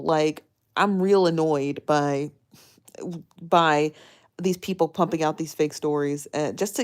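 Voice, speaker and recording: Woman live-streamer, loose and rambling, a bit low in pitch. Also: measured pace, pauses often. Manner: rambling, greets viewers by name, many fillers. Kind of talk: casual live-stream chat.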